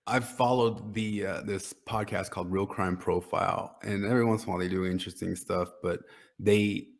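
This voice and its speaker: Man, podcast co-host, very deep husky voice, opinionated commentary. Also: steady tone, moderate pace. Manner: opinionated, drawing parallels, chuckles mid-sentence. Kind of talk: casual podcast conversation.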